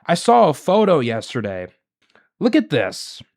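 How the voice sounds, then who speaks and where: Indignant man ranting, lively pitch. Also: a little slow. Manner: indignant, emphatic, repetitive rhetorical questions. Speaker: political commentary host. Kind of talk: solo political commentary.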